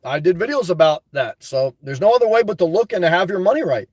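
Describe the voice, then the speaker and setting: A man hosting a livestream from inside his car, reading out viewer comments and answering bluntly, often breaking into loud, laughing rants. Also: sits high, expressive, fast talker, no echo, clean studio sound. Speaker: livestream host. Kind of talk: live-stream chat reading.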